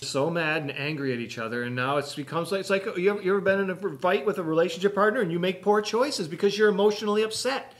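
A man's voice: high-pitched, quick pace, hardly any pauses. A man co-hosting a political talk show, exasperated and pleading. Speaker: show co-host. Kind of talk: political commentary chat.

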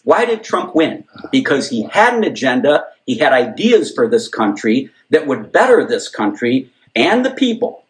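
Man, casual political podcast talk, animated pitch, emphatic and repetitive. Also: normal speed, few pauses. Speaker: podcast co-host.

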